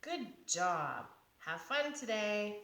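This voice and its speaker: A woman's voice: mid-range voice, sing-song, slow, a bit bright. A woman leading a children's yoga lesson, reading a picture book aloud, giving patient step-by-step instructions and making the animal sounds. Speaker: kids' yoga teacher. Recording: echoey room.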